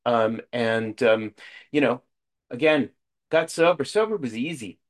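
A man's voice: mid-range voice, animated, unhurried. Frank middle-aged man, chatty recovery share. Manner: conversational, frank, full of fillers and asides. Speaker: speaker sharing at a recovery meeting. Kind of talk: personal share at a support meeting.

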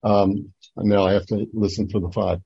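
An older man tells his own story at a recovery meeting, stopping and restarting with many fillers as he goes. His voice is mellow and husky. The recording is dry and slightly muffled. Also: lowish voice, little pitch movement, normal speed, no room sound. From Atlantic City, New Jersey. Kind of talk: personal testimony talk.

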